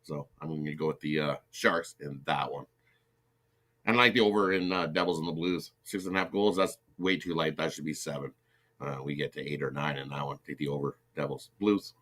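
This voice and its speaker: A man giving hockey betting picks, pausing often with fillers as he explains each choice. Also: rumbling low, fairly even intonation, fairly bright tone. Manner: halting, filler-heavy picks.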